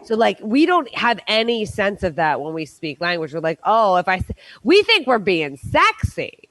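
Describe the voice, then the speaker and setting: A woman's voice: mid-range voice, very animated, normal speed, a bit bright, no room sound, low-quality recording. A woman hosting a late-night quiz show, telling long rambling stories in casual chat with playful put-on voices. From New York.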